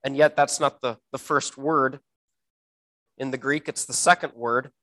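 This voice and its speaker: A man teaching a Bible verse word by word, often pausing with fillers and repeating words, slowing down to stress key phrases. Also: mid-range voice, fairly even intonation, bright, forceful tone, low-quality recording.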